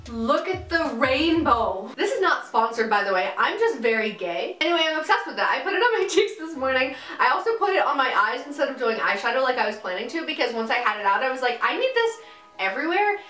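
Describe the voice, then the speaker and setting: High-voiced chatty young woman vlogger. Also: animated, fast talker, few pauses, pushed and bright. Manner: chatty, giggly, many fillers. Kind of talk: casual chat to camera. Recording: echoey room, mic at a distance, music underneath.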